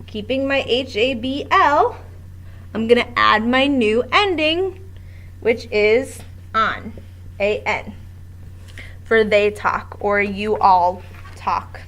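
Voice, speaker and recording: A woman's voice: a little high, expressive, takes it slowly, long pauses, a bit bright. A woman teaching a Spanish grammar lesson at a board in a classroom, explaining step by step with patience.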